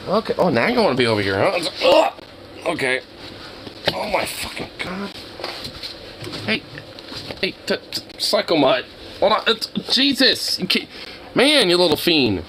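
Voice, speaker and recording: A man's voice: high voice, very animated, a little slow, long pauses, noisy background. A young man with a cold, casually talking to his dog in an exasperated, teasing way and swearing often. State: has a cold. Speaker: vlogger.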